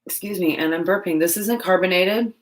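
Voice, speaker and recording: A woman hosting a casual livestream while painting, chatting loosely and joking at herself in quick asides. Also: on the low side. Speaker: livestream host. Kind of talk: casual live-stream chat while painting.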